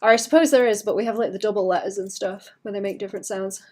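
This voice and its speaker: Drawing on a livestream, a Welsh woman chats casually and thinks aloud, often restarting and using fillers. Her voice is medium in pitch, fairly even, quick, and a little mellow.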